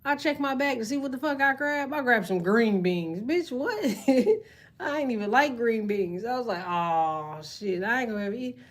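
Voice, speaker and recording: Woman streamer, AAVE speaker, animated and profane storyteller, slightly high-pitched. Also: moderate pace. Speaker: live streamer reading chat. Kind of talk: casual storytelling chat.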